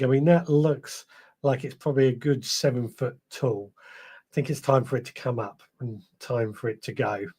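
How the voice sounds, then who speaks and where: A man with a fairly high, mellow voice reads viewer comments while hosting a podcast live stream. His delivery is chatty and rambling with self-corrections, and he sounds a little tired.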